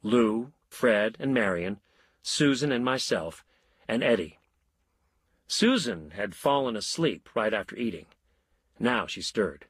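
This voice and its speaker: An expressive male storyteller with a husky voice, reading an audiobook. His pitch moves around in a lively way, and the recording is dry and close. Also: slow pace, dry recording. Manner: expressive, voicing many characters. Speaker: narrator. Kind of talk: audiobook narration.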